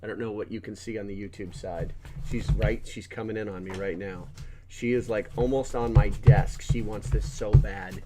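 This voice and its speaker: A man's voice: lowish voice, fairly even intonation, normal speed, loud music behind the voice. A man hosting a live stream, chatting casually and rambling, swearing now and then at his desk at home. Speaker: livestream host.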